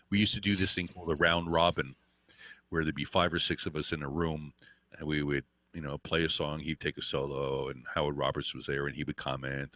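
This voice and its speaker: An older man, a guitar teacher appearing as an interview guest, tells rambling anecdotes full of fillers and the occasional swear word. He has a bright, forceful bass voice, recorded dry.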